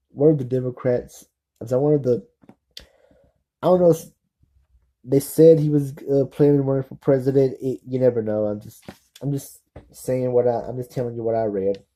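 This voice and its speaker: A man giving casual, unscripted commentary, halting and apologetic, with many restarts and fillers. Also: medium pitch, dark tone, poor audio. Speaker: political vlogger.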